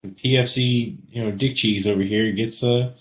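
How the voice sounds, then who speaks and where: A man's voice: medium pitch, fairly even intonation, moderate pace. A man who served as a soldier, co-hosting a podcast and giving dry, profane commentary in casual chat. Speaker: podcast co-host, army veteran.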